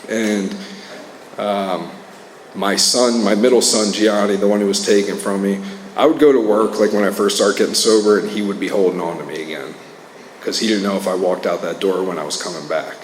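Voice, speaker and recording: A man's voice: lowish voice, fairly even intonation, moderate pace, reverberant, long reverb tail, slight background noise, rough recording. A man in his thirties giving a personal recovery testimony at a meeting, talking in an earnest, conversational way with many fillers and restarts. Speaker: recovery speaker. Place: meeting hall.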